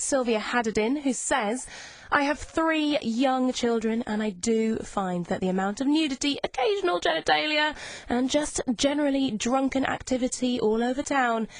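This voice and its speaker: A woman's voice: on the high side, no echo. A young woman presenting a lunchtime radio chat show from a studio, bubbly and chatty as she reads out listener messages. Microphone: studio microphone.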